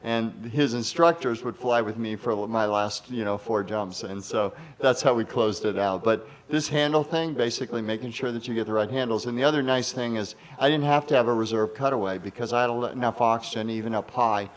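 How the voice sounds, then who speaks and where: A man's voice: mid-range voice, fairly quick, few pauses. Male guest in his fifties, mid-range voice, loose rambling delivery. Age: 50s. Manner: rambling, many fillers and restarts. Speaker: interview guest. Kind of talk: anecdotal interview.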